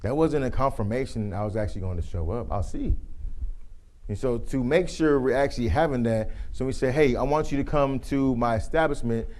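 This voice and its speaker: A man presenting a leadership communication workshop to a live group, telling animated stories and acting out the people he quotes. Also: mid-range voice, fairly quick. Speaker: youth football coach.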